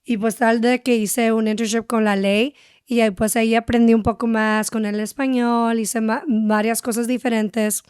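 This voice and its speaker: A woman's voice: fairly high pitch, flat delivery, brisk, darkish tone, clear, resonant tone, no echo, studio quality. A young woman speaking as a podcast guest and radio host, telling her story candidly and switching between English and Spanish. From San Diego. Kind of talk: casual interview chat.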